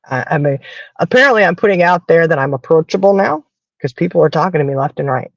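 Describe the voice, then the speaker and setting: A Southern American woman talks in a relaxed, chatty way, like she is telling a story to friends. Her voice has a gravelly edge and sits in the middle of the range. The recording is dry and a little dull. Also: on the low side, fast talker, dry recording. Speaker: podcast host. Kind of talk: casual chat.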